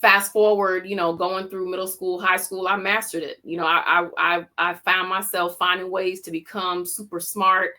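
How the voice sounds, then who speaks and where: A woman's voice: lowish voice, little pitch movement, normal speed, few pauses, bright, forceful tone. A woman with a Jamaican accent, a teacher telling her story as a podcast guest, reflective with frequent restarts. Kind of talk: podcast interview.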